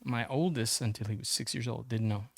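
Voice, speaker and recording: A man's voice: mid-range voice, a little fast, vocal fry, no echo, clean studio sound. A man, casually telling a long story as a podcast guest, full of fillers, restarts and swearing. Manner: rambling, many fillers and restarts, swearing, acts out quoted voices.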